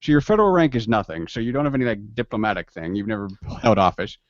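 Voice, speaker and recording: A man with a lowish voice chats loosely, rambling and joking and laughing often. The sound is dry and close, slightly dull. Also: animated, fast, no echo. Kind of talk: casual chat while playing a game.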